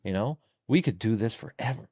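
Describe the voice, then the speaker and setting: A man's voice: medium pitch, lively intonation, a little fast, a little mellow, breathy edge, no echo. A man in his forties, a podcast guest talking casually and plainly, often repeating words as he gathers his thoughts. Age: 40s. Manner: plainspoken, repeats himself while thinking.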